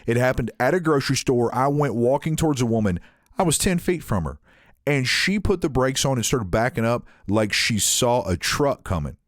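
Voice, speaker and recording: A man on a podcast telling a story in casual chat, animated and acting out the people in it. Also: medium pitch, normal speed, no echo, clean studio sound. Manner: animated, acts out quoted people in shifting voices. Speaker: podcast co-host.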